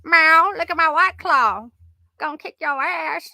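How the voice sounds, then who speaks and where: A woman voicing a weird, bullying male house cat that brags and taunts between meows, in a gravelly, raised voice. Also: high voice, unhurried, sharp tone, no echo, studio quality, pitched above the performer's own voice, heavily acted. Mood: taunting. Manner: boastful meowing taunts.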